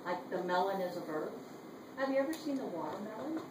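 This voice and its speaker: A woman's voice: mid-range voice, animated, a little fast, background noise. A woman taking part in a writing workshop, chatting and joking with the teacher. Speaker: workshop participant. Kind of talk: casual chat. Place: room at a writers' retreat. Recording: roomy, distant camera audio.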